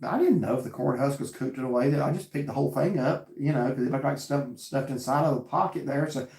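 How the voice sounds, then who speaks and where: A man's voice: medium pitch, quick pace, vocal fry, a little mellow, reverberant. A man hosting a casual chat and telling a story earnestly with quoted back-and-forth dialogue. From North Carolina. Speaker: vlog host reading live chat.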